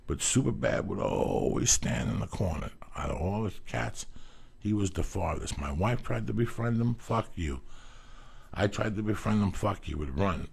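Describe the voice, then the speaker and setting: A man telling personal stories in a casual talk, animated and profane, acting out what people said. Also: deep voice, gravelly, slightly rough. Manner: profane, animated storytelling, acts out quotes. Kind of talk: casual storytelling chat.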